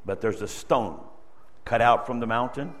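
A man's voice: mid-range voice, normal speed. Preacher man in a reverberant hall. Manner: emotional, swings from loud exhortation to hushed storytelling. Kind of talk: sermon. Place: church sanctuary. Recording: long reverb of a large hall.

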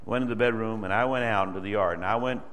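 A male preacher delivering an emotional sermon, swinging from loud exhortation to hushed storytelling. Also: lowish voice, fast. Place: church sanctuary. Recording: long reverb of a large hall.

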